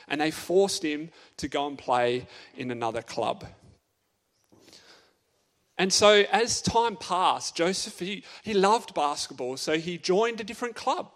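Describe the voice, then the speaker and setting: A man's voice: high-pitched, animated, measured pace, fairly bright tone. A man giving a youth sermon as a playful story, asking his audience lots of questions. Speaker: youth speaker.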